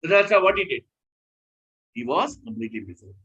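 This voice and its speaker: Male preacher, emphatic, bright and slightly husky, lively intonation, scripture-class delivery. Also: fairly high pitch, quick pace, dull audio. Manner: animated, emphatic, self-correcting. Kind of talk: scripture lecture.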